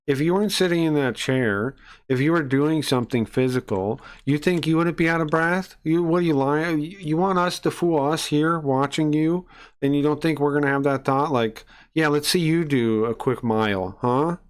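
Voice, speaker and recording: A man's voice: fairly high pitch, normal speed. A man casually reacting to a video, indignant and rambling, often repeating himself.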